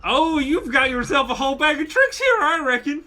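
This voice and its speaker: A man's voice: very high voice, very animated, moderate pace, sharp tone, voice pushed up, heavily acted. A man voicing a gloating male bandit leader in a put-on Southern US drawl, folksy and smug. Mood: mocking.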